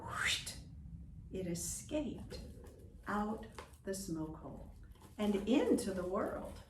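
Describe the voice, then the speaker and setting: A woman telling a folk tale in slow, expressive, drawn-out narration. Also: mid-range voice, a little hiss or hum. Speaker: storyteller. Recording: roomy echo, distant from mic.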